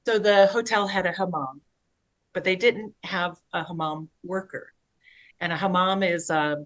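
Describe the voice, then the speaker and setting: A woman co-hosting a podcast, telling long rambling stories in casual conversation with animated asides. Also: fairly low pitch, rough recording. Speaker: podcast co-host.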